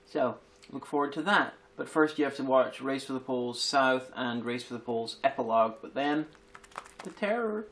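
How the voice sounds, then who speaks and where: Deadpan man joking in casual chat. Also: medium pitch, moderate pace, a little hiss or hum, low-quality recording. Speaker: video host.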